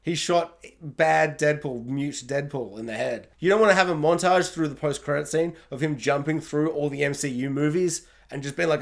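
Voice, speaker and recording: A man casually reviewing a film, excitable and jokey, acting out reactions as he talks. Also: fairly high pitch, brisk, vocal fry. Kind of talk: casual spoiler review to camera.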